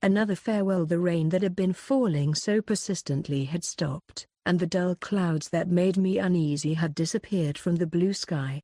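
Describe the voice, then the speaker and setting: Brief: woman audiobook narrator, even reading, slightly low voice. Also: normal speed, hardly any pauses, no echo, clean studio sound.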